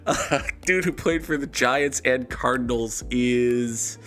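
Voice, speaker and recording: A man streams a game and chats casually, with a playful, joking manner and a mid-pitched voice. He talks to his viewers as he plays. Soft music runs faintly underneath. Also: slow. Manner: playful, jokey, reads and answers chat. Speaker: streamer and host. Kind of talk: casual live-stream chat while playing a game.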